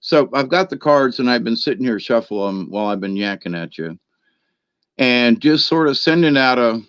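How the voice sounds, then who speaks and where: A man telling a rambling personal story in a chatty way, laughing often and filling pauses with ums and restarts. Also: medium pitch, animated, a bit bright, clear, resonant tone, dry recording. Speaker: spiritual card reader. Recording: dry, dull lo-fi sound.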